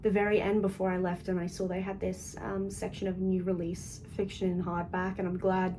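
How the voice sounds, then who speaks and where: A young Australian woman chatting in a casual vlog from a hotel room, giggling often and filling pauses with "um" and "like". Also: lowish voice, level tone, dark tone, a little hiss or hum, low-quality recording. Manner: chatty, giggly, many ums and likes. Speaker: book vlogger.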